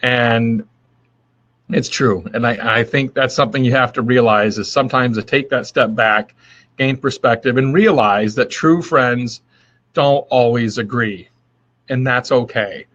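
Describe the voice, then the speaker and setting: Male host, mid-pitched voice, casual motivational chat, lots of fillers, somewhat muffled webcam audio. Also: unhurried, a bit bright. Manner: friendly, rambling, with many fillers and restarts. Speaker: host of a daily live video. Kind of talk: casual motivational live stream.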